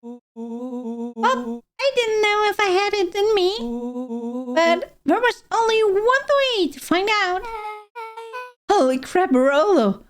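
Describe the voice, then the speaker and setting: A woman's voice: extremely high pitch, big pitch swings, slow, long pauses, pitched above the performer's own voice, full character voice. A woman voicing jittery young kids, reading game dialogue aloud in a playthrough, with music underneath. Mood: excited.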